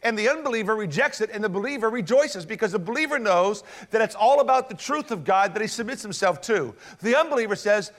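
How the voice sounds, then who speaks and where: A man's voice: high-pitched, expressive, quick pace, hardly any pauses, a bit bright. A male pastor preaching an expository sermon, emphatic and asking rhetorical questions.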